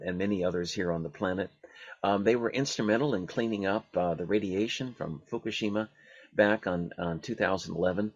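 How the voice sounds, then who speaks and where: A man with a lowish, husky voice hosts a radio talk show. He speaks haltingly, stopping often for fillers and restarts. The recording is dull and dry. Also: dry recording.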